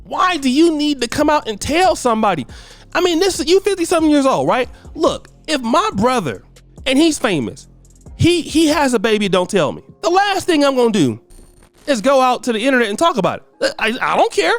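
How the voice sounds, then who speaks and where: A man hosts a celebrity gossip vlog, ranting in a blunt, scolding way with plenty of slang. His voice swings up and down lively as he talks, with faint music under it. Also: very high voice, brisk. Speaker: celebrity gossip show host. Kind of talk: ranting commentary.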